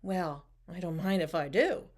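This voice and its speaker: A woman's voice: lowish voice, unhurried, darkish tone, pitched below the performer's own voice. A woman voicing a mischievous male dog in a read-aloud picture book, musing and cheeky. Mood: playful.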